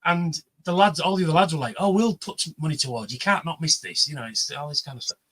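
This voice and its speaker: A man chats casually and tells stories with lots of energy. His voice is husky, with a forceful, tense edge and a fairly high pitch. He swears easily and plays out everyone he quotes. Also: quick pace, poor audio. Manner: animated, swears freely, acts out quoted voices. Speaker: livestream panelist. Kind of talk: casual chat, storytelling.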